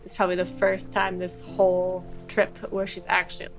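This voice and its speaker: A woman's voice: lowish voice, normal speed, faint music behind. A woman playing a tabletop role-playing game, casually talking in and out of character. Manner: relaxed, conversational, mixes in-character lines with narration. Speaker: player.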